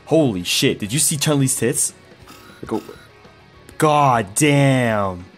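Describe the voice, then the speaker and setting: Excitable swearing gamer guy. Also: mid-range voice, faint music behind. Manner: loud, swearing, quick to shout and groan. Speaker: gamer playing a fighting game. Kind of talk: excitable gameplay commentary.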